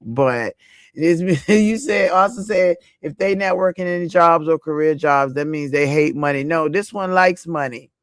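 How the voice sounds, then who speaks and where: A woman's voice: low voice, normal speed, dry recording, studio quality. A woman hosting a casual live stream, reading viewer chat aloud, chatty and emphatic, repeating her points and addressing viewers by name.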